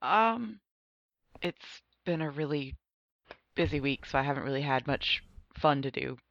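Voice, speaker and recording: A woman with a low voice chats casually on a podcast, rambling along and laughing often. The sound is dull and lo-fi. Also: animated, unhurried, gravelly, fairly bright tone. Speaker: podcast co-host. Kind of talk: casual chat.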